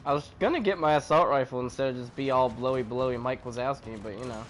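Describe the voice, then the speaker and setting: A man's voice: mid-range voice, fast, a little hiss or hum. Joking man streaming a game. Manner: animated, joking, swears freely. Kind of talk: casual gaming chat.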